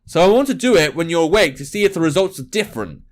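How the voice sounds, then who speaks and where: A man voicing a cold, scheming female scientist in a game, speaking slowly and calmly. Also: a little high, lightly acted. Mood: cold menace.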